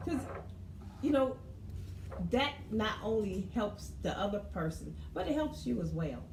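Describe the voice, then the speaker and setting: A woman's voice: mid-range voice, very animated, a little slow, gravelly, a little mellow. A woman co-hosting a casual podcast, telling stories, laughing often and repeating her words as she gets going. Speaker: co-host. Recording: roomy echo, faint background noise.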